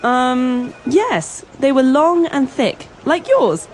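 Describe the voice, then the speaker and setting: A woman playing a hesitant witness, high voice. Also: sing-song, slow, a little mellow, soft background music, heavily acted. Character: woman witness describing a bank robber. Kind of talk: scripted dialogue for a language lesson.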